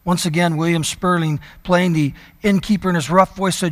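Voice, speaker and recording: A man preaching a sermon, telling a story and slowing down to stress key words. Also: sits high, steady tone, long reverb tail. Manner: storytelling preacher, slows down for emphasis. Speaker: pastor.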